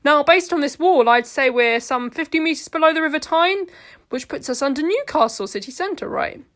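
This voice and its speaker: A woman's voice: high-pitched, animated, normal speed, fairly bright tone, voice pushed up. The Doctor, blunt and eccentric, read by a woman. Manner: blunt, matter-of-fact, rambling. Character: blunt, eccentric alien time traveller, memory lost. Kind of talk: amateur audio drama reading.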